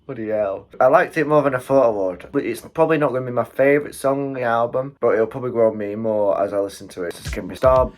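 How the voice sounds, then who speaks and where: A man with a British accent hosting a casual music reaction and exclaiming often as he listens. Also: medium pitch. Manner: excitable, quick exclamations and chuckles. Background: faint music playing.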